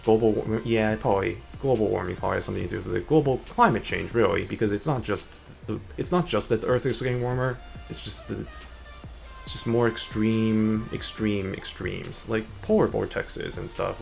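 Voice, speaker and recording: Gravelly low-voiced chatty male streamer. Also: moderate pace. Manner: rambling, filler-heavy, chatty. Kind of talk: casual gaming chat. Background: faint background music.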